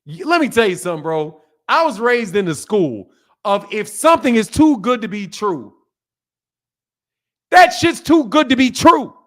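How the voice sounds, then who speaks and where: A man's voice: sits high, sing-song, moderate pace, fairly bright tone. A man hosting a boxing channel, ranting in casual disbelief, profane and repetitive, with laughing asides. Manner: profane, incredulous, repeats himself, laughing asides. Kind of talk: casual reaction rant.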